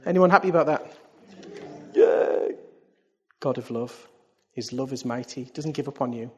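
A man preaching a sermon to his church. He swings from loud exclamations to hushed asides and keeps asking the congregation questions. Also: medium pitch, a little fast, highs cut off. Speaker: pastor. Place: church service.

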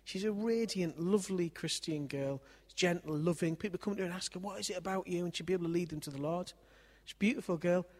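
Guy preaching, kinda husky, higher voice, chatty, lots of "isn't it?". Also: fast talker, hardly any pauses. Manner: conversational, leans on tag questions. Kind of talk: sermon with a family story.

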